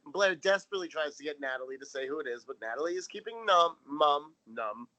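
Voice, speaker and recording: Bright-voiced man, wry podcast co-host. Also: a little high, lively intonation, brisk, poor audio. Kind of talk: casual comedic recap chat.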